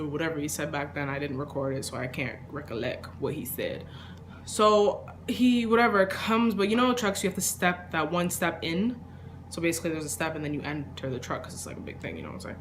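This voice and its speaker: A young woman telling a personal story in a casual vlog, rambling with lots of fillers and trailing off into quiet asides. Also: fairly low pitch, slight background noise. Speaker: vlogger.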